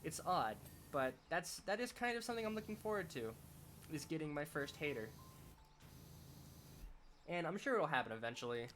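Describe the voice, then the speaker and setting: A man's voice: on the high side, big pitch swings, moderate pace, pauses often, fairly bright tone, a little hiss or hum. A young man streaming a game, chatting casually and rambling as he thinks aloud, often restarting his sentences. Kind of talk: casual chat while playing a game.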